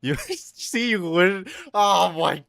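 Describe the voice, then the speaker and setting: Brief: young male streamer, lively swinging pitch, loud and crude, dry close mic. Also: slow pace, vocal fry, dry recording. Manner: loud, swearing, laughing, animated ranting. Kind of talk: casual stream chat reading chat.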